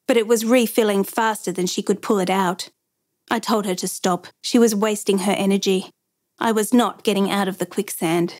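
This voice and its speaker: A woman reading first-person narration in a steady, matter-of-fact way. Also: medium pitch, no echo, clean studio sound.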